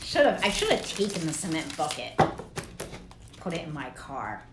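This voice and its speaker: A woman's voice: sits low, sing-song, unhurried, roomy sound, heavy background noise. A woman doing a casual tarot reading vlog, talking in a rambling, profane and laughing way. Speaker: tarot reader.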